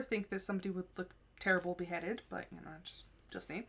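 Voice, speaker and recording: A woman's voice: mid-range voice, steady tone, normal speed, few pauses, fairly bright tone. A woman hosting a live book-cast, reading a novel aloud and breaking off for casual comments. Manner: reads steadily, breaks off to chat and laugh.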